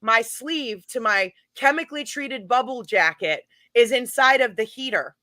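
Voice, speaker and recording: A middle-aged woman, a guest on a paranormal talk show, telling a lively anecdote in casual chat. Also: a little high, a little slow, dry recording. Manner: animated, chatty anecdote-telling with laughs. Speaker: guest, paranormal event organizer.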